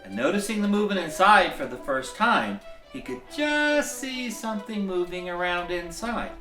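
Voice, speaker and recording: A man in the role of Santa, reading a bedtime story in a gentle, chuckling, folksy way. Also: high voice, expressive, normal speed. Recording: echoey room, mic at a distance, soft music.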